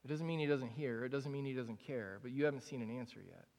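A man's voice: mid-range voice, quick pace, darkish tone. A young man preaching a sermon to a congregation in a large room, speaking in a candid, conversational way with frequent casual fillers. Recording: long hall reverb.

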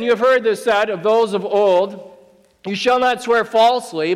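Brief: male pastor with a high voice, emphatic and conversational sermon delivery, long hall reverb. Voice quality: emphatic and conversational, with wry asides.

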